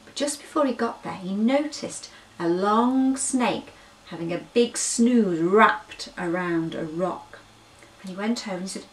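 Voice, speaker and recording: A woman host telling a bedtime story to young children in an animated, sing-song way. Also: mid-range voice, unhurried, recorded from a distance, rough recording.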